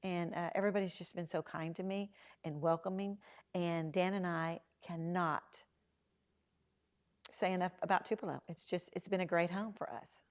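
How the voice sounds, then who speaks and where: A middle-aged woman, a podcast guest telling lively stories and acting out the voices of the people in them. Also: fairly low pitch, normal speed. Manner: animated storyteller, acting out quoted dialogue. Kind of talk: storytelling in a casual interview.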